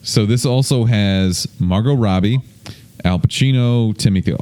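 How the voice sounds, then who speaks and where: A man with a deep, smooth voice hosts a casual podcast. He talks loosely and rambles, dropping swear words without a second thought. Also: measured pace, mellow. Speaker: podcast host. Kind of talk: casual chat. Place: indoor room, streamed on video.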